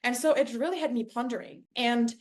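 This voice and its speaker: A woman's voice: fairly high pitch, brisk, a little mellow. A young woman hosting her podcast, telling a personal story in an effusive way, with lots of "like" and acted-out quotes. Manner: effusive, heavy use of "like", acts out quoted voices. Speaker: podcast host.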